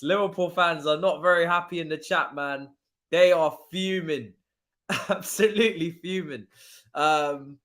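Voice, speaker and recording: A man hosting a live football watchalong stream, chatting casually and breaking into excited cheers. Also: a little high, measured pace. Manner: excitable, jumps from calm chat to loud cheering. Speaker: livestream watchalong host.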